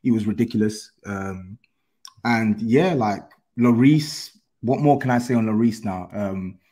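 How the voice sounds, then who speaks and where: On a heated football podcast panel, a Spurs fan with a London accent insists on his point, laughing as he defends himself. His voice is on the low side, unhurried and dark in tone.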